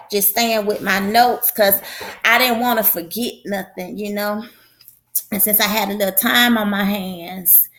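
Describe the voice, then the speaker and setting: A woman's voice: mid-range voice, a bit bright. A woman prophetess hosting her own show, giving a casual religious talk in a folksy, conversational way with a preaching lilt.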